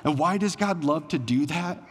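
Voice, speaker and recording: Brief: male pastor, slightly high voice, casual conversational preaching, long church-hall reverb. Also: moderate pace, a little hiss or hum. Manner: conversational preaching with frequent "like" fillers. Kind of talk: sermon.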